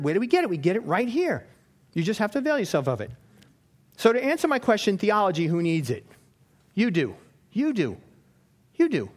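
A man giving a sermon in a lively, storytelling way, asking the same questions again and again. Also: sits high. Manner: animated storytelling with repeated questions. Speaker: lay preacher.

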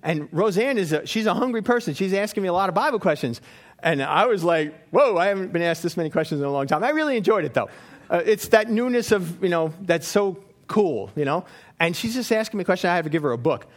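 A man giving a sermon in a lively, storytelling way, asking the same questions again and again. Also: sits high, brisk. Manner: animated storytelling with repeated questions. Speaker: lay preacher.

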